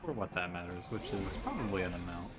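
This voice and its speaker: A man's voice: low-pitched, expressive, fast. A man giving casual, chatty commentary while playing a video game, talking himself through choices with jokey, exasperated outbursts. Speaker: gaming streamer. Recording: game music behind the voice.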